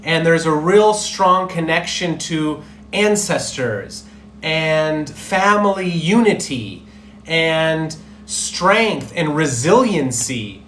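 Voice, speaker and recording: A man who teaches English, chatting on a livestream and answering viewer comments in a slow, reflective way as he searches for words. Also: fairly high pitch, expressive, fairly bright tone. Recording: roomy echo with faint background hum.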